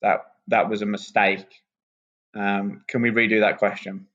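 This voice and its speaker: A wrestler, relaxed and rambling with lots of ums, chatting as a guest on a podcast. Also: male voice, lowish voice, a little slow. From England. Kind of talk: casual podcast interview. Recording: muffled lo-fi sound.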